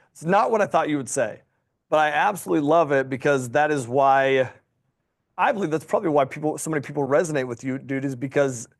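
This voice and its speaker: A man hosts a podcast interview in a slightly higher voice. He is eager and affirming and praises his guest in a casual way, calling him dude and bro. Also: creaky. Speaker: podcast host.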